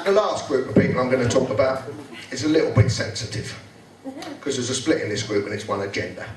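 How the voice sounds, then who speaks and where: A man doing a stand-up comedy routine, blunt and sweary, acting out office characters in quick voices. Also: mid-range voice. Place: live venue with audience laughter. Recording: echoey live room, mic picked up from a distance, crowd audible.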